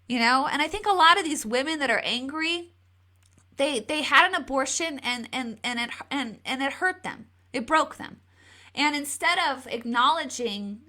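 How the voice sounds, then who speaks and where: A woman hosts a live political commentary video, speaking at normal speed with lively intonation and a bright, forceful tone. She's emphatic and tends to repeat words, and the video is a re-downloaded, lower-quality copy.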